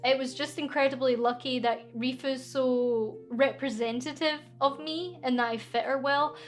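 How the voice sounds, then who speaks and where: A young woman with a Scottish accent and a high, light voice chats casually with her stream, giggling often as she reads out viewer questions. Soft music plays faintly underneath. She talks into a good studio microphone. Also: steady tone, moderate pace. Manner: chatty and giggly, reading chat aloud.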